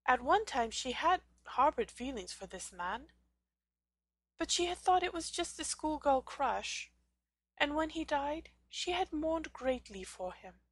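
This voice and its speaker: Slow, bright-voiced female storyteller. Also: high voice, no room sound. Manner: slow, dramatic, expressive storytelling. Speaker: narrator. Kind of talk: fan fiction audiobook reading.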